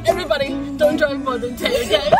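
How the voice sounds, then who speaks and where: High, giggly woman friend. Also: big pitch swings, fast, over loud music. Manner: giggly, playful, bossing friends around. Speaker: friend on the vlog. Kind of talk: casual chat.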